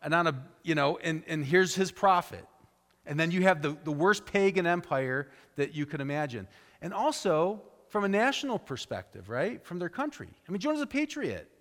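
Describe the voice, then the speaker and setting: A man delivering a sermon in a fairly high voice. He retells a story and jumps into raised, animated voices for the characters he quotes. His words ring out with a long echo, as in a large church hall. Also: moderate pace. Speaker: preacher.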